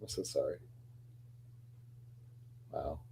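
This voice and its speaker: A man's voice: extremely low pitch, takes it slowly, creaky, dark tone, breathy edge. A man hosting a stream, chatting casually in a rambling, apologetic way. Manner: rambling, apologetic, keeps saying sorry. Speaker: stream host. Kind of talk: casual chat.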